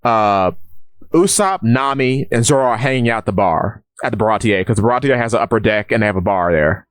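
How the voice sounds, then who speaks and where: A man's voice: fairly low pitch, expressive, fairly quick, clean tone, no room sound, studio quality. A man co-hosting a podcast, recapping at length in casual chat with many stumbles and restarts. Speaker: podcast co-host.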